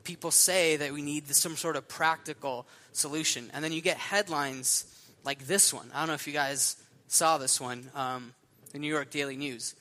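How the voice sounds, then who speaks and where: A young man preaching a sermon, telling stories in a casual, animated way with lots of fillers. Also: fairly high pitch, moderate pace. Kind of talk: sermon storytelling.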